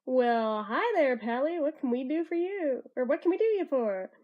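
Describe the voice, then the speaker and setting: A woman voicing a sketchy, smooth-talking male villain from a comic, in a slick, wheedling tone. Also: high voice, animated, normal speed, dull audio.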